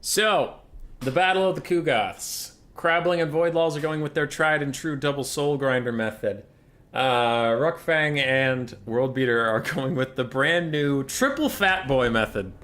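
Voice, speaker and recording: A man chatting casually on a live stream as a game caster, ranting, with swearing and bursts of loud exasperation. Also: mid-range voice, a little slow.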